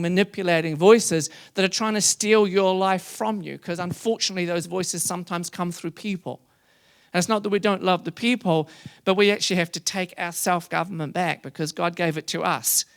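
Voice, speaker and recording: A man preaching a sermon to a congregation, animated and emphatic, rising into loud emphasis. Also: high-pitched. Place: church hall before a congregation.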